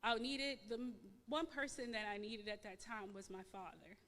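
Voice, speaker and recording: A woman's voice: mid-range voice, bright, forceful tone. Emotional woman testifying in a reverberant church. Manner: emotional, halting, repeats words with many fillers. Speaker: church member giving testimony. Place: church sanctuary.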